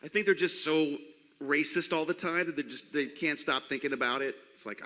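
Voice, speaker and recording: A man's voice: fairly high pitch, a little fast, bright, forceful tone, in a large hall. A man in his forties with a cracking, unsteady voice, telling crude jokes on a convention panel stage. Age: 40s. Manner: joking, rambling, crude. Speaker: panel host. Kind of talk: comedic live panel talk. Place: convention stage before a crowd. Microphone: handheld mic.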